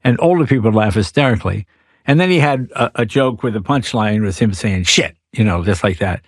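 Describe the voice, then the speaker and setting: Animated older man telling stories. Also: lowish voice, brisk, dry recording, clean studio sound. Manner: animated storyteller who acts out quotes, bursting into shouted impressions. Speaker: guest comedian. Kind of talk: casual storytelling chat.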